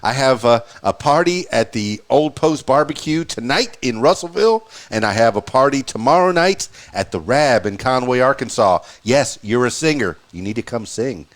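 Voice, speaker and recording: A relaxed man from the American South hosts a casual podcast chat. His pitch sits in the middle for a man. He keeps things easygoing and chuckles between his remarks. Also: normal speed, few pauses. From Southern United States. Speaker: podcast host.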